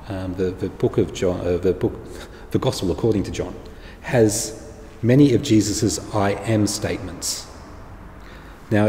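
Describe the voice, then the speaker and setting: A man's voice: fairly low pitch, warm tone. Male preacher, plain-spoken sermon, roomy echoing space. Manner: plain-spoken, informal and explanatory. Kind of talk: conversational sermon to an online congregation. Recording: echoey hall with faint background noise.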